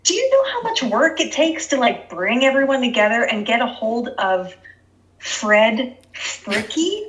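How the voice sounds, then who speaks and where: Lively, bright, higher-pitched woman. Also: measured pace, rough recording. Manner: sarcastic, emphatic quips. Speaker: podcast co-host. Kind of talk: casual recap chat.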